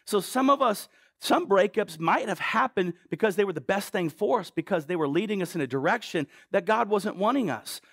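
High, gravelly-voiced male preacher. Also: animated, a bit bright, no room sound, clean studio sound. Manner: conversational, asks the crowd questions, quick asides. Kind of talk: sermon to a congregation.

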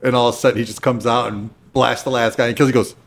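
A man appearing as a podcast guest, telling stories in lively casual chat and acting out what others said. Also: medium pitch, fast talker. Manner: animated storyteller, acts out quotes. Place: cigar lounge.

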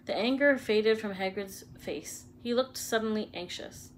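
A woman's voice: mid-range voice, unhurried, hardly any pauses, a little hiss or hum. Woman reading a storybook aloud. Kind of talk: reading a children's novel aloud.

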